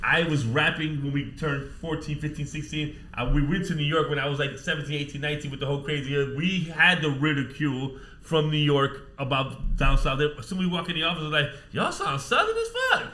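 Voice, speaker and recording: A middle-aged man from Miami co-hosting a podcast, telling stories in animated, profane casual chat. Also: fairly high pitch, quick pace, hardly any pauses, echoey room. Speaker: podcast co-host.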